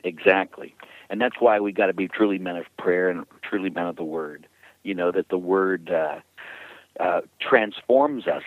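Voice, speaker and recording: A man's voice: sits low, no room sound. A man who is a priest and author, speaking as an interview guest in an emphatic, preacherly way. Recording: tinny phone line, dry.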